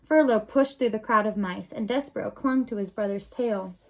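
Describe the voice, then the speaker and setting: A woman reading a children's storybook aloud in an expressive, lively way. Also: medium pitch, moderate pace. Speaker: audiobook reader. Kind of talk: storybook narration.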